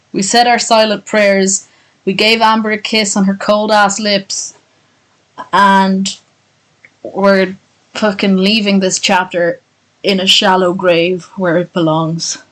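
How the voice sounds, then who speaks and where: A woman's voice: medium pitch, low-quality recording. A woman streamer chatting casually and profanely after a long reading, tired and with a sore voice. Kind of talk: casual chat.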